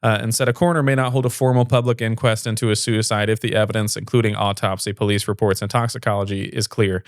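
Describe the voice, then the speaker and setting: A man's voice: fairly low pitch, level tone, fast, no echo, clean studio sound. A man hosting a local news show, reading stories and chatting casually with a rambling manner and many fillers. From Fayette area. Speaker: local news podcast host.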